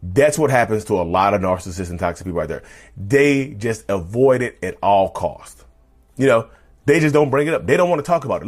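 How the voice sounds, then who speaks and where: A man's voice: medium pitch, expressive, brisk. A man hosting a casual podcast monologue, talking emphatically and repetitively and addressing listeners as y'all. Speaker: podcast host.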